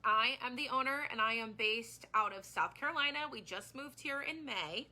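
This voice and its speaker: A woman in her thirties talks to her live-stream viewers in a very bright, fairly high voice. She is a small business owner who speaks earnestly and from the heart. She often rambles and starts sentences over. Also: normal speed.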